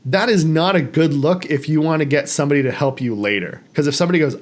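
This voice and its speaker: A man's voice: fairly high pitch, fast talker, hardly any pauses. A man casually talking through a movie on a podcast, acting out characters' lines in a raised voice. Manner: animated, acts out quoted lines in raised voices. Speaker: podcast host.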